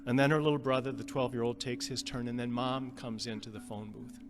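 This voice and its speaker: A male pastor from the Upper Midwest, telling a story in a sermon in a gentle, halting way and repeating phrases. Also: mid-range voice, level tone. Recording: long reverb with guitar music behind.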